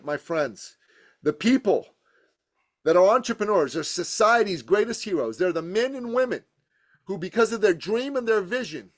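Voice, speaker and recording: A man in his fifties from Iran, a business coach telling his story as a podcast guest in an emphatic, punchy, rhythmic way. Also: high-pitched. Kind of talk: motivational storytelling in a podcast interview.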